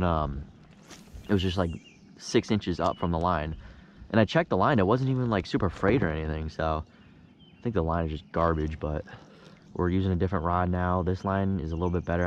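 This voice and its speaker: A young man vlogging from a kayak on a lake, talking casually and getting frustrated or excited over his catches. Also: low-pitched, muffled recording, slight background noise. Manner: frustrated, excitable, swears mildly, says "bro". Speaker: fishing vlogger. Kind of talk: casual on-the-water vlog.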